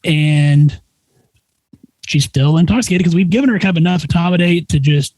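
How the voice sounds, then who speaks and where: A man's voice: on the high side, moderate pace, no echo, rough recording. A man guesting on a podcast as a nurse practitioner, telling a story casually and acting out the voices of the people in it. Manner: animated, acts out quoted voices.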